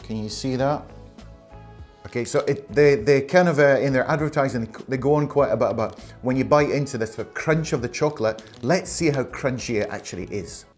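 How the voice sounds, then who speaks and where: A man's voice: mid-range voice, fairly quick, darkish tone, soft background music. Chatty, upbeat man reviewing snacks. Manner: enthusiastic, chatty, laughs often. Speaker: food vlogger. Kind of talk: casual taste-test review.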